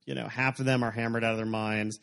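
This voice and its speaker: Gravelly man chatting loosely. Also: mid-range voice, level tone, quick pace, fairly bright tone. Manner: rambling, many fillers and "like"s. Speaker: podcast host. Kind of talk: casual chat.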